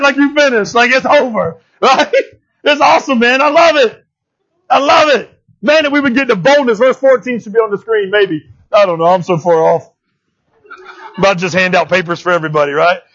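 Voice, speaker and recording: A male pastor preaching a sermon in a church, animated and conversational, often checking in with "right?". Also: extremely high pitch, husky, highs cut off.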